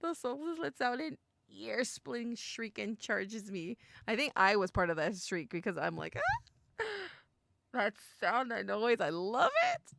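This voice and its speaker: Excitable young woman with gravelly fry. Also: mid-range voice, a little slow. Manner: excitable, gasps and squeals at scary moments, mixes in Spanish. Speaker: streamer playing a visual novel. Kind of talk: reading game text aloud with reactions and chat.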